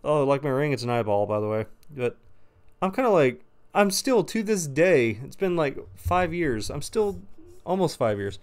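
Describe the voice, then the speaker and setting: A man telling a casual story to camera, animated and exasperated, swearing often. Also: a little high, normal speed. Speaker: storytime vlogger.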